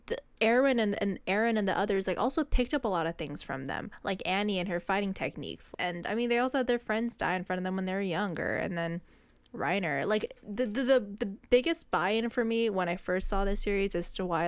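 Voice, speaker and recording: A young woman co-hosting a podcast, chatting casually and excitedly, rambling, swearing and acting out scenes. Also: mid-range voice, no room sound. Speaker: podcast co-host. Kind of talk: casual fan chat.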